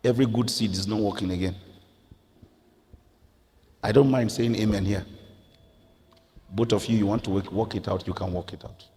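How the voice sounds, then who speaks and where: A man from Nigeria preaching a sermon as pastor, moving from quiet prayer to impassioned, near-shouted exhortation. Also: fairly low pitch, fairly even intonation, moderate pace, pauses often, in a large hall. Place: church sanctuary.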